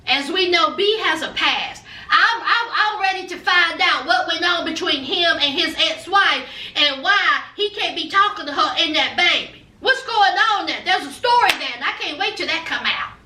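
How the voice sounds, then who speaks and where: A very high, sharply bright woman's voice delivering sassy, teasing gossip about a reality show. She talks playfully and freely, like a regular host. The sound is echoey, with her some distance from the mic. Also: lively intonation, moderate pace, few pauses. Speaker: reality TV reviewer. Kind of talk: casual gossip commentary.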